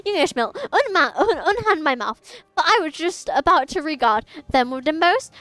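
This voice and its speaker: A woman's voice: sits high, big pitch swings, moderate pace, a bit bright, no echo. A woman voicing a grandiose, theatrical ship captain who declaims in archaic, pompous speech. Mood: indignant.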